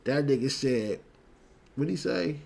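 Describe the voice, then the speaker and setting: Husky-voiced man ranting as a show host. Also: mid-range voice, expressive, unhurried, darkish tone. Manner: blunt, profane, heated, with frequent repeats. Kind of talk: casual commentary rant.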